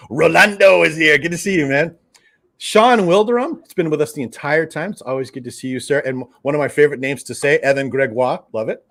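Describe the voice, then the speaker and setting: A man's voice: fairly high pitch, fairly quick, fairly bright tone. A man hosting a live streamed show, chatting casually and joking while greeting viewers from the chat by name. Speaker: host of a collectibles show's live stream.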